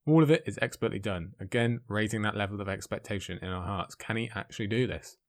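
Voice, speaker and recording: Excitable man reviewing a book. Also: fairly low pitch, fast talker. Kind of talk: enthusiastic book commentary with read passages.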